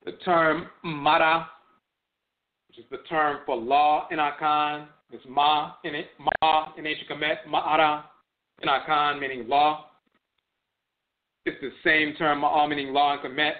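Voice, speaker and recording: A man's voice: fairly high pitch, level tone, a little slow. Man lecturing over tinny phone-like audio. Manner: repeats key terms for emphasis. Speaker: teacher of religion and language. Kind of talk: spoken lecture on religion.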